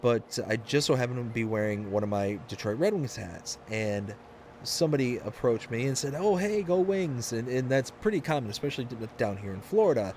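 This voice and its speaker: Male stream host from Michigan, mid-pitched, loose rambling chat, faint background hum. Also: animated, brisk, darkish tone. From Michigan, USA. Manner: rambling, anecdotal, frequent restarts. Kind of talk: casual chat while streaming a game.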